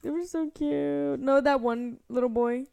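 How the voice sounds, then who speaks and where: High, mellow-voiced woman teasing on a podcast. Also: fairly even intonation, a little slow, gravelly. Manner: short teasing interjections. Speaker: podcast co-host. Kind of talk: casual podcast chat.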